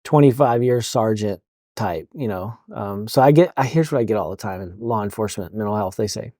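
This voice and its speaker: Male counselor guest, mellow dark tone, casual, halting speech full of "um" and "like". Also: fairly low pitch, dry recording, clean studio sound. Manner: halting, full of fillers and restarts. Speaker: counselor for police officers. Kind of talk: casual podcast interview.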